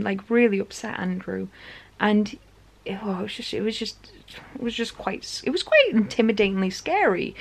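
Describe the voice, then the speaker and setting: A chatty woman talks straight into the camera for a vlog, animatedly recounting a night out in a conversational style. Her pitch is an ordinary middle range for a woman, and her manner is easy and informal.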